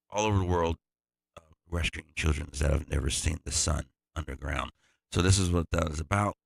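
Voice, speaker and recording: Music producer type, low gravelly voice, relaxed digressive tutorial delivery. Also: male voice, no echo. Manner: loose, digressive explaining. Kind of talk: casual tutorial walkthrough.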